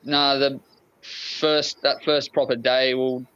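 A man's voice: medium pitch, level tone, slow pace, fairly bright tone, clean tone, dry recording. Easygoing Australian man, muffled sound. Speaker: guest. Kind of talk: casual chat.

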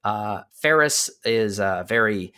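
A man hosting a casual podcast, recapping a game's story with lots of fillers and restarts, dropping to quiet asides. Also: lowish voice, lively intonation, slow, clean tone. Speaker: podcast host.

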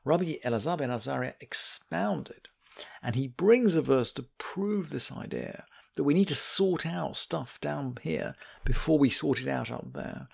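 A man teaching a religious text, reading each Hebrew line slowly and then explaining it in plain English. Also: fairly high pitch, vocal fry, breathy edge, no room sound, clean studio sound. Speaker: Talmud teacher. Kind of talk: text study lesson.

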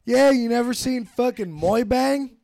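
A man co-hosting a podcast in casual chat, crude and animated, swearing often. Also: extremely high pitch, unhurried, creaky, no room sound. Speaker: podcast co-host.

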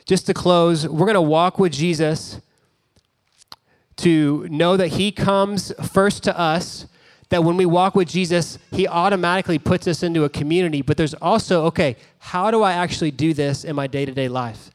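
A pastor delivers his sermon in a relaxed, conversational way, stopping for small asides as he tells a story. His speaking voice is a man's voice that sits somewhat high. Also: moderate pace.

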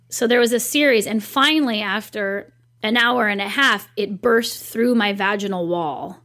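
Woman around thirty, animated and emotional, chatting about herself as a guest. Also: medium pitch, moderate pace. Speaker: guest, company owner. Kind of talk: casual interview storytelling.

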